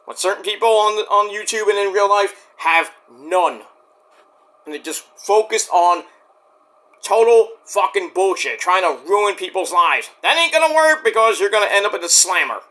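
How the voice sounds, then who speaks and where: High, bright-voiced man ranting bluntly. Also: lively intonation, moderate pace. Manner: blunt and defiant, swears often. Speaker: vlogger. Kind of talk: casual rambling monologue.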